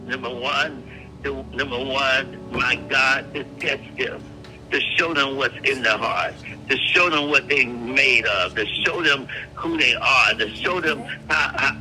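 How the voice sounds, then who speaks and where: A man preaching a fervent prophetic prayer, repeating words and phrases and swinging from hushed tones to shouts. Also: mid-range voice, measured pace, a little hiss or hum, rough recording.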